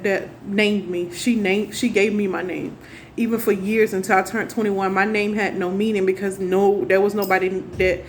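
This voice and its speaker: Woman, young adult, rambling earnest vlog chat, faint neighbor noise behind. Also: mid-range voice. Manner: rambling, many restarts, earnest. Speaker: spiritual vlogger. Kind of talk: casual personal monologue to camera.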